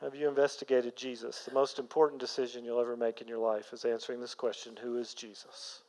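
A man preaching a sermon as pastor, earnest, rising to emphatic peaks and then dropping low. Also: level tone, fast, a little mellow, in a large hall, rough recording.

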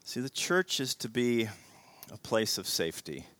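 A middle-aged man preaching a sermon with animated swings between loud emphasis and quiet intensity, often repeating words and asking "right?". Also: medium pitch, normal speed. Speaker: pastor.

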